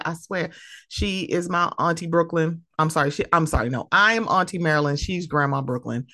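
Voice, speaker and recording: Woman, podcast host, lowish pitch, casual animated talk, dry close sound. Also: moderate pace, dry recording. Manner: animated, laughing, emotional, mimics friends' voices.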